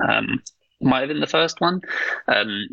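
Male podcast co-host, gravelly, rambling, swears freely, lots of ums. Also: medium pitch, animated, measured pace, pushed and bright, no room sound, highs cut off. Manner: rambling, swears casually, frequent ums and laughs. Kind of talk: casual chat.

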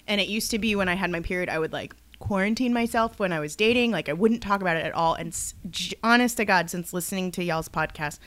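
A woman, telling a personal story in a casual podcast chat, animated and swearing, acting out quotes. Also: lowish voice, fast, hardly any pauses, no echo. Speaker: podcast guest.

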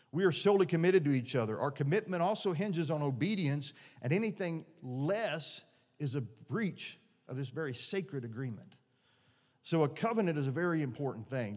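A man in his forties preaching a sermon as a pastor, folksy and animated, with homespun jokes. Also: on the high side. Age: 40s. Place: church sanctuary. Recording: long church-hall reverb.

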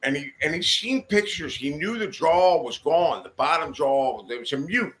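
A man telling a wild story as a podcast guest in a studio, profane and animated, acting out every voice. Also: a little high, moderate pace. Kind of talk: casual storytelling.

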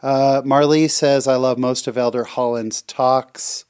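Steady and measured, this co-host's mid-range voice has a clear, resonant tone. He chats casually on the podcast, reading out listener comments aloud and responding with warm, effusive, heartfelt reactions.

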